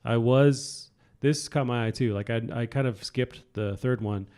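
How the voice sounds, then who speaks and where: A young man co-hosting a podcast, chatting casually and hesitantly with many pauses and restarts. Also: medium pitch, dark tone, smooth. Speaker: podcast co-host. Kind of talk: casual chat about video games.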